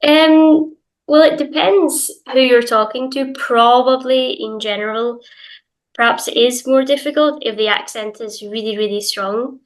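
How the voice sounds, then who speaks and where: A woman's voice: a little high, fairly even intonation, unhurried, low-quality recording. A young Scottish woman with a light Glaswegian accent, an English teacher chatting casually as an interview guest with lots of hedges and fillers. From Scotland, Glasgow.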